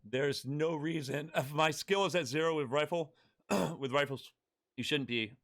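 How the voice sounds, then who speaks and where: A man's voice: a little high, moderate pace, fairly bright tone. Blunt, foul-mouthed male streamer. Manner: blunt, heavy swearing. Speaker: gaming live streamer. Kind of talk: casual live-stream chat.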